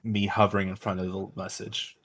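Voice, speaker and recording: A man's voice: low voice, little pitch movement, brisk, a bit bright, no echo. A man playing a tabletop game, laid-back and laughing, swearing as his character. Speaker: player. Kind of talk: casual in-character play.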